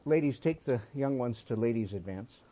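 A man in his sixties preaching a sermon, telling folksy stories and swinging between emphatic points and soft asides. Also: medium pitch, animated, moderate pace. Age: 60s. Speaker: pastor.

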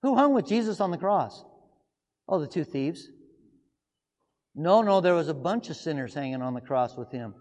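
A man preaching a sermon, asking emphatic rhetorical questions and swinging between loud outbursts and hushed passages. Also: on the high side, animated, moderate pace, long pauses. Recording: long hall reverb.

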